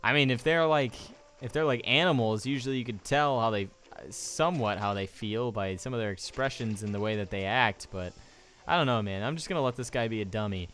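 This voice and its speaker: A man's voice: mid-range voice, a little fast, a bit bright. A young man casually commenting on his gameplay, rambling and joking as he goes. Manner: rambling, joking, reads game text aloud. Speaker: let's play commentator. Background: faint game music.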